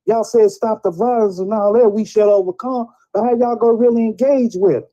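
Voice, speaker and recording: A man's voice: high-pitched, fairly even intonation, fairly quick, warm tone, muffled recording. A middle-aged man, talking casually on a talk show, telling blunt, preachy stories about tough parenting. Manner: streetwise storytelling, blunt and preachy.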